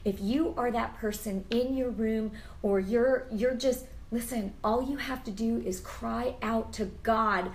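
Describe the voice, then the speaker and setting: A high-voiced woman hosting a faith talk show. She speaks with fervent, emotional conviction, leans into earnest appeals and prays aloud. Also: a little slow, few pauses, rough recording. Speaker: host. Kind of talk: Christian interview show.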